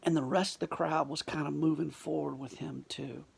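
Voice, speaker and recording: A man's voice: on the high side, fairly even intonation, moderate pace, creaky, breathy edge. A man telling a personal story in an earnest monologue, often dropping to a whisper and restarting his sentences. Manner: restarts and repeated words.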